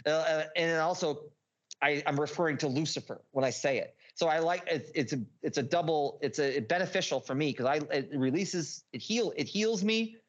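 A man telling a story as a podcast guest, rambling and excitable, swearing a lot and packing his talk with filler words. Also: a little high, fairly quick, dull audio. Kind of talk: casual storytelling.

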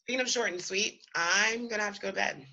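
A woman co-hosting a podcast in casual chat, chiming in with quick agreement. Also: medium pitch, low-quality recording. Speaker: podcast co-host.

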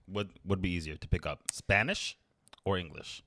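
A man's voice: deep voice, normal speed, sharp tone. A man co-hosting a podcast in casual chat, blunt and teasing, swearing casually. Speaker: podcast co-host.

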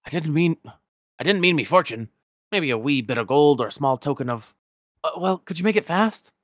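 A man's voice: on the high side, expressive, moderate pace, dry recording, studio quality, voice pushed up, close to an everyday voice. A man voicing a stingy old Scottish cartoon duck millionaire, with a folksy brogue full of "ye" and "laddie". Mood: wheedling, chummy.

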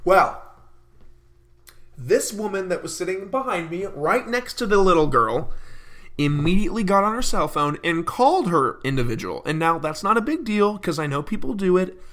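A man's voice: high-pitched, lively intonation, normal speed, a bit bright. A young man in his early twenties hosting a podcast, ranting animatedly in a casual monologue and laughing often. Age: early 20s. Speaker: podcast host.

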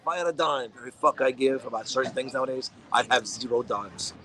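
A man's voice: medium pitch, fast, bright, forceful tone. A man in a casual chat, blunt and swearing as he tells stories.

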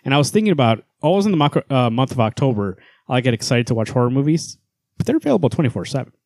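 A man's voice: mid-range voice, sing-song, racing, darkish tone, dry recording, studio quality. A man in his thirties co-hosting a podcast, rambling casually, laughing often and swearing now and then. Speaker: podcast co-host. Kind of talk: casual chat.

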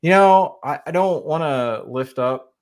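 A man's voice: fairly high pitch, animated, measured pace. A man from Oklahoma with a slight Oklahoma accent, a podcast guest chatting casually and rambling with many fillers and restarts. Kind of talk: casual interview chat.

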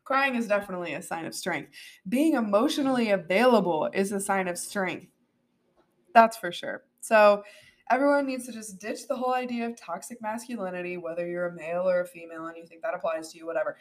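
A woman hosting a solo podcast, earnest and animated, with plenty of "like" and "um". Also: medium pitch, brisk. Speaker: podcast host.

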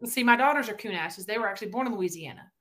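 A woman's voice: mid-range voice, fast talker, slight background noise. A woman from Tennessee with a Southern accent, chatting as a podcast guest and acting out the quotes she tells. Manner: animated storyteller, acts out quotes. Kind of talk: casual interview chat.

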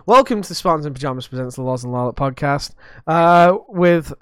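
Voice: medium pitch, expressive, brisk, clear, resonant tone, dry recording, studio quality. A young adult podcast host chatting casually, rambling and swearing freely with a self-mocking streak.

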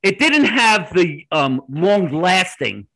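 A man being interviewed on a podcast, telling his stories animatedly in quick bursts with restarts. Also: high voice, big pitch swings, pushed and bright, rough recording. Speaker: podcast guest. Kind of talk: conversational interview storytelling.

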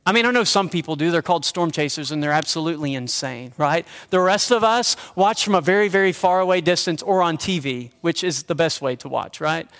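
High-voiced male pastor preaching. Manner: drops to a hushed near-whisper for emphasis, then lifts again; conversational and joking with the congregation. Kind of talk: sermon. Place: church sanctuary.

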